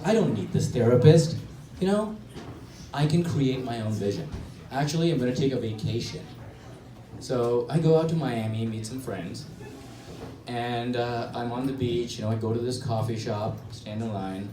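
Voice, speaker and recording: A man's voice: mid-range voice, moderate pace, distant mic, background noise. A man in his thirties performing a stand-up set, animatedly acting out both sides of his conversations. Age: 30s. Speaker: stand-up comedian. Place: comedy club stage. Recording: roomy, from off-mic, faint crowd. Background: audience laughter.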